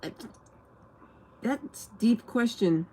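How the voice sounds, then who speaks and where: A woman's voice: on the high side, expressive, extremely slow, darkish tone, slightly rough. Rambling woman chatting on a livestream. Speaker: livestreamer answering viewer questions. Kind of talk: casual livestream chat.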